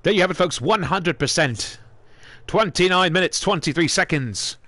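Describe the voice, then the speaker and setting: A man giving theatrical, excitable play-by-play wrestling commentary. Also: high voice, normal speed, no echo. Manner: excitable, theatrical announcer delivery.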